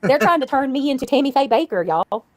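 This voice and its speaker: A woman's voice: high voice, animated, quick pace, no room sound. A woman livestreaming in casual chat, giggling, swearing freely and thanking her viewers.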